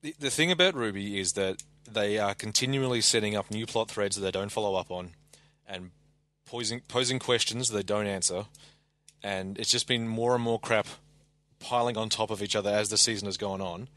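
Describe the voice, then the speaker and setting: A man's voice: on the low side, normal speed, pushed and bright, no room sound. A man co-hosting a podcast, critiquing a show in an exasperated, profane way. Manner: exasperated critical ranting with swearing. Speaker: podcast co-host. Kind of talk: casual chat.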